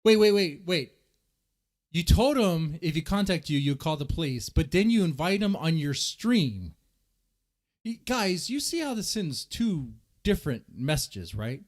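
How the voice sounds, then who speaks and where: A man hosts a drama commentary with a slightly high, very lively voice that swings all over. He rants at his audience, profane and exasperated. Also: unhurried. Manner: animated, profane, exasperated ranting. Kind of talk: ranting commentary over clips.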